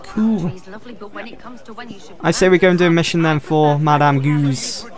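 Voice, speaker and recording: A man's voice: a little high, fairly even intonation, unhurried, crowd noise. A man giving casual let's-play commentary, chatting and thinking aloud as he explores. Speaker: gameplay commentator.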